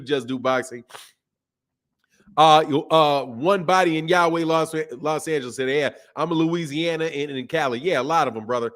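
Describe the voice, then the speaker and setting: A man with a Southern US accent hosts a live boxing stream. His voice sits a little high, and he talks in a relaxed, slangy way, often repeating his phrases. He chats loosely and reads out messages from viewers. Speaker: boxing channel host. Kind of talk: casual live-stream talk reading chat.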